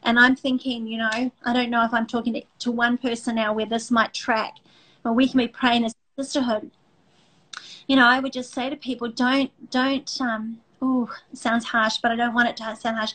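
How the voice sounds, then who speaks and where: A woman's voice: on the high side, flat delivery, moderate pace, fairly bright tone, low-quality recording. A middle-aged woman hosting a faith talk show, speaking earnestly and emotionally with many restarts. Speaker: host.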